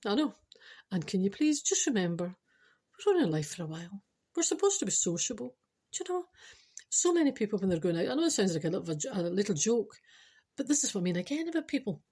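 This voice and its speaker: Speaking quickly in a husky, medium-pitched voice, she hosts her podcast with a comic story that offers spiritual advice. Her manner is animated and chatty, with plenty of teasing asides.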